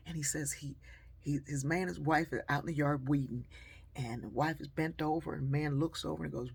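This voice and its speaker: A woman storyteller at home, lively and expressive, with a husky voice. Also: deep voice, a little fast. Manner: animated, shifting between loud and hushed. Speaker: storyteller and speaker. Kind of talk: personal storytelling monologue. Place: at home by a sewing machine.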